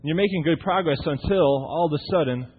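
A man's voice: fairly high pitch, a little fast, husky. A man in his thirties preaching a conversational, humorous sermon as pastor, often asking the congregation rhetorical questions. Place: church sanctuary. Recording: tinny, echoey church recording.

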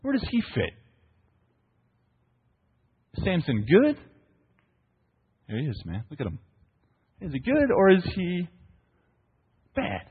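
A man's voice: sits high, wildly swooping pitch, slow pace, long pauses, breathy edge, long reverb tail, narrow, tinny audio. A pastor, preaching a sermon to his congregation in a playful storytelling manner, often asking "right?". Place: church.

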